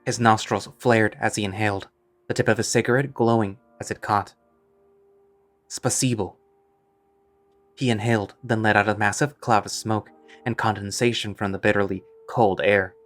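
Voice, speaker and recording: A man's voice: on the low side, fairly even intonation, brisk, fairly bright tone, faint music behind. A man reading a first-person story aloud in a wry, conversational way.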